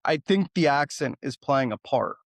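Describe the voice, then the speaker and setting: A man's voice: mid-range voice, expressive, moderate pace, dry recording. A man co-hosting a podcast, arguing his point in casual football talk and repeating words as he starts. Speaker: podcast co-host.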